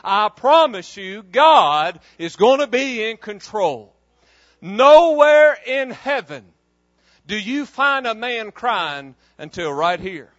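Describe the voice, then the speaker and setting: Man preaching, very high voice, dry and muffled lo-fi sound, emphatic repetition. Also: big pitch swings, slow, hardly any pauses, a bit bright, dry recording. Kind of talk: sermon.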